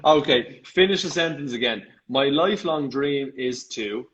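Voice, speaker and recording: A man hosting a casual live video call interview, laughing often and firing off quick playful questions. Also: medium pitch, lively intonation, fairly bright tone. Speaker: host. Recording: slightly dull video call audio.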